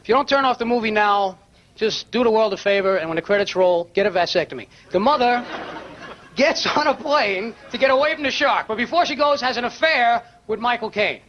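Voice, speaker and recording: A man's voice: high voice, expressive, fairly quick. A man doing a stand-up set on television, telling his joke in an incredulous, mocking way. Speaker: stand-up comedian. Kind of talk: stand-up set on a late-night show. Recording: dull old broadcast tape, loud audience. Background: audience laughter.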